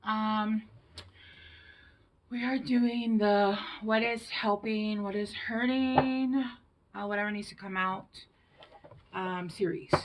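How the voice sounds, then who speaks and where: A woman giving a tarot reading to her viewers, gentle and reassuring, with hushed whispered asides. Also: medium pitch, fairly even intonation, slow pace, long pauses, lo-fi sound, noisy background. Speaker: tarot reader.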